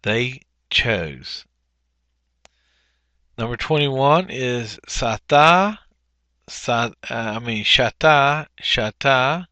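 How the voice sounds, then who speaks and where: A man working through a language workbook as a teacher, explaining each answer slowly with frequent fillers and self-corrections. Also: medium pitch, expressive, bright, forceful tone, no room sound, lo-fi sound. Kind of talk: workbook walkthrough lesson.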